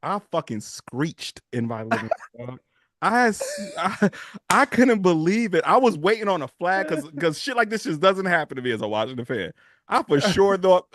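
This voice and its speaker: A man co-hosting a podcast, telling a fan story in casual sports chat, animated and swearing freely. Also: on the high side, dry recording, studio quality. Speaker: podcast co-host.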